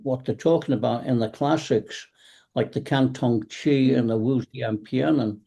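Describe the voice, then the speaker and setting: A man's voice: medium pitch, moderate pace, vocal fry, dark tone. A man who teaches tai chi and qigong, chatting on a video call in a rambling, anecdotal way and acting out the lines of the people he talks about. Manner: rambling, anecdotal, acts out cab drivers' lines. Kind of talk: casual online panel talk.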